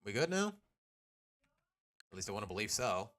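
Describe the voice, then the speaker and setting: A man's voice: fairly low pitch, sing-song, moderate pace, fairly bright tone, faint music behind. A young man chatting casually while live-streaming a game, joking and reading game dialogue aloud.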